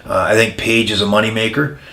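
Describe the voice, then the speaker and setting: A man, a former wrestler, telling candid stories in an interview, frank and full of pauses, getting animated during anecdotes. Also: on the low side, vocal fry. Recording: echoey room.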